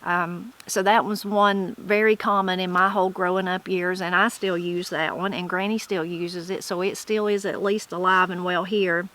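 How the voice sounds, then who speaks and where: Chatty and folksy, this middle-aged channel host with a Southern Appalachian accent reads aloud from a dictionary and other old sources, correcting herself along the way. She speaks at a normal speed with hardly any pauses, her fairly low voice steady and fairly bright, though the audio quality is poor.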